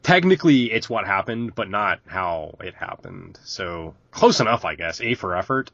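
A man with a husky, low voice trades dry, sardonic comments on a film podcast. His intonation moves a lot. The recording is dry and slightly dull. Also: lively intonation, moderate pace, a bit bright, no room sound. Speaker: podcast co-host. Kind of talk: casual film discussion.

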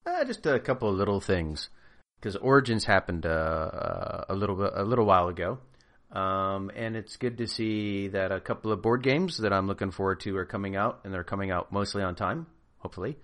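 A man on a casual podcast explaining things in a relaxed way with frequent hesitations. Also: sits low, a little fast. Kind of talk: casual chat.

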